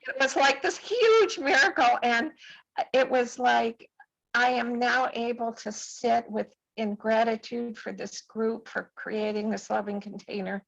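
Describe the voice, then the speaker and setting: Gravelly-voiced woman in her seventies. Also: a little high, a bit bright, no echo, muffled recording. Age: 70s. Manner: earnest, halting with restarts. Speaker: group call participant. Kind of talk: personal testimony.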